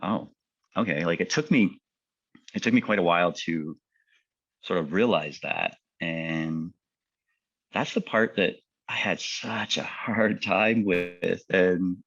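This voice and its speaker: A man, a paramedic, telling his personal story in a halting way, full of fillers and repeated words. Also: sits low, a bit bright, dry recording, muffled recording. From Canada. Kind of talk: personal testimony talk.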